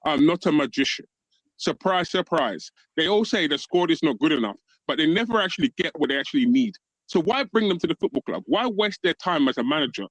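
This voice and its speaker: Panel guest, man, high and very animated, dry close sound, emphatic. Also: brisk, no room sound, low-quality recording. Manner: emphatic, keeps calling others brother. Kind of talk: livestream fan chat.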